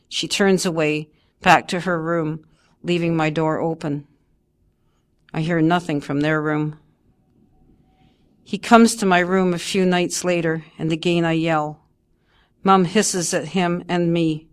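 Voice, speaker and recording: A woman narrating her memoir in first person, in a measured, steady way. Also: on the low side.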